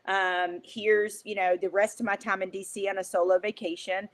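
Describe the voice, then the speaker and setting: A woman guest on an interview show, talking in an emphatic, animated, motivational way with frequent fillers. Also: medium pitch, brisk, hardly any pauses. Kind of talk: motivational conversational talk.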